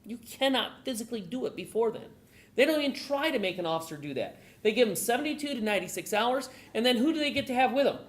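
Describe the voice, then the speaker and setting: Speaking fast in a slightly high voice, a woman gives a live presentation to a gun owners' gathering. She quizzes the audience and acts out exchanges with lively energy.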